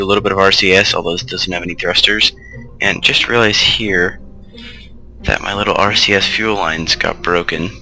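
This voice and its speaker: Rambling man with a bright, tense voice. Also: fairly low pitch, rough recording. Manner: rambling, loose, full of asides. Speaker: let's play host. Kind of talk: casual gameplay commentary.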